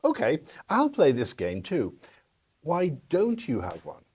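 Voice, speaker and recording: A man's voice: a little high, huge pitch swings, unhurried, darkish tone, breathy edge, full character voice. A man voicing a talking male viper with a British accent in a radio play, wry and teasing.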